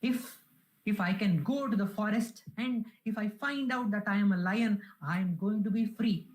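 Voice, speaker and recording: A woman's voice: mid-range voice, normal speed, darkish tone, voice pushed up, lightly acted, poor audio. A woman voicing a young male lion cub raised among sheep, anxious and insistent. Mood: resolute.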